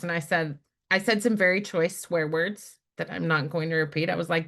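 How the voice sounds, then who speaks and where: A guest in conversation, this middle-aged woman from Utah works as a spiritual director and activist. She speaks at normal speed in a fairly low voice, telling a personal story animatedly and acting out her quoted friends.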